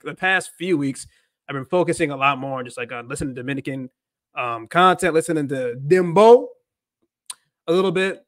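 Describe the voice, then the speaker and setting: With a fairly bright tone on the high side, this US livestream host wanders through his talk, says things more than once and mixes in Spanish as he learns it. The sound is clean, studio-grade and echo-free.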